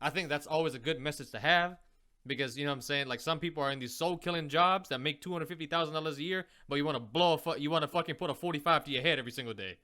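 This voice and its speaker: Podcast guy talking fast and blunt, bright tense voice, cusses a lot. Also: on the high side. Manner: blunt, swears, quick reactions. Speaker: podcast co-host. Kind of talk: casual chat.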